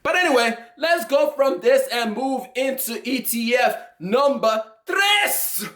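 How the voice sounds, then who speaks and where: A young man casually explaining investing basics in an animated, joking way, sometimes shouting with excitement. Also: very high voice, measured pace. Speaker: finance YouTuber.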